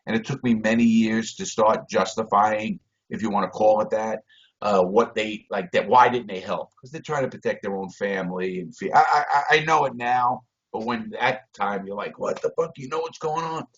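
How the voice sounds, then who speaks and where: A man telling a story on a video call, blunt and profane, shifting between loud bursts and low mutters. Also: normal speed. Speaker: interview guest. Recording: dull lo-fi video call audio.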